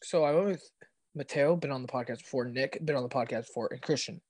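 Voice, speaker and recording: A young man from Canada telling a podcast host about a football trip, excitable and laughing often, repeating himself as he goes. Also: mid-range voice, fast talker, a little hiss or hum. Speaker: podcast guest. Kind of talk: casual sports chat.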